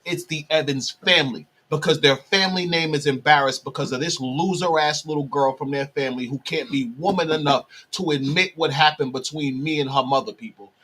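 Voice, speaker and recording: A man's voice: a little high, fairly quick, hardly any pauses, bright, forceful tone, slight background noise. A man delivering a heated ranting monologue straight to his viewers, repeatedly calling out to them. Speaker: vlogger.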